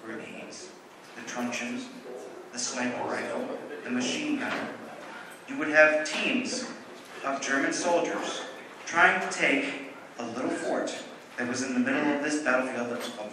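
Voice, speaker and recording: A drunk man telling a war story at a convention panel, rambling and correcting himself with animated bursts. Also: mid-range voice. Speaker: panel presenter telling history. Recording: echoey hall, from far off, noisy.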